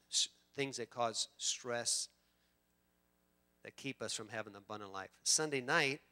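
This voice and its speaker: A man preaching a sermon, swinging from loud emphatic bursts to hushed storytelling. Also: mid-range voice, clean tone. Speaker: pastor.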